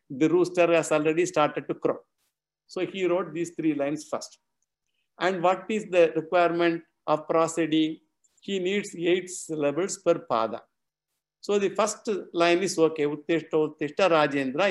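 Man, scripture lecture, slightly higher voice, patient and repetitive. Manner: explains slowly, repeats key terms, chuckles. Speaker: teacher of scripture.

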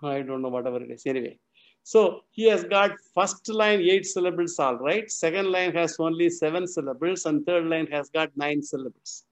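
Man lecturing patiently. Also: a little high. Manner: explains slowly, repeats key terms, chuckles. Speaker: teacher of scripture.

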